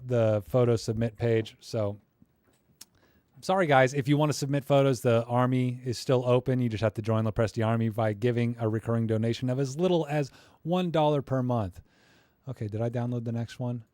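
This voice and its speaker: A man's voice: medium pitch, fairly even intonation, moderate pace, mellow, no echo. A young man talks loosely through viewers' photos on a live stream, joking and going off on rants. His voice sits mid-range and sounds close and dry, with no room around it. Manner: chatty, joking, ranting asides. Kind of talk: casual live-stream chat.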